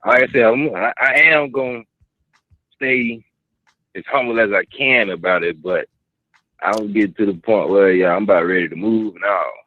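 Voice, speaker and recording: A man's voice: on the low side, normal speed, no echo. A man calling into a radio show, easygoing and agreeable, laughing along with the host. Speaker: caller. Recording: muffled phone line.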